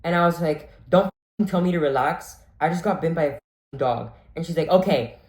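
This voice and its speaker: A man's voice: a little high, normal speed. A man rambles through a storytime vlog, his sentences chained with "like" and "and then". His voice rings in an echoey room. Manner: rambling, breathless storytelling full of "like". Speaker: vlogger.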